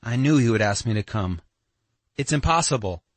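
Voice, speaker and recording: A man's voice: mid-range voice, animated, normal speed, dry recording, pitched above the performer's own voice, close to an everyday voice. A man reading an audiobook, voicing a proud, defiant young woman who falters and pleads in distress. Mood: distraught.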